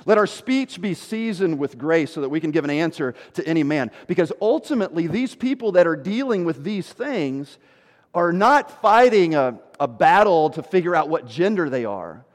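A man in his forties preaching a sermon as pastor, animated, acting out what people say. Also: a little high, normal speed, big-room sound. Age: 40s. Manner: animated preaching, quoting people in put-on voices.

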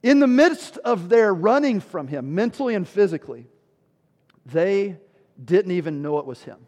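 Male pastor, high voice, emphatic sermon delivery in a church with long reverb. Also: lively intonation, normal speed, darkish tone. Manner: emphatic, with rhetorical questions and sudden drops in volume.

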